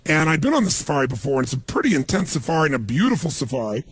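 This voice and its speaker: A man giving a motivational seminar talk, telling stories in an animated way and acting out other people's lines. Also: on the high side, racing, slightly rough, no echo. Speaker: motivational speaker.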